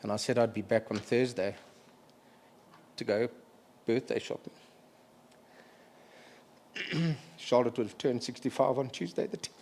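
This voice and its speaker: A middle-aged man with a medium-pitched, slightly mellow voice eulogizes a family member at a memorial, faltering emotionally and pausing to clear his throat. Faint hiss or hum is audible.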